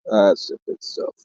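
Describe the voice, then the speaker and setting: A man's voice: darkish tone, dry recording, dull audio. A man hosting a livestream, chatting casually and joking as he rambles and reads out viewer comments. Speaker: livestream host.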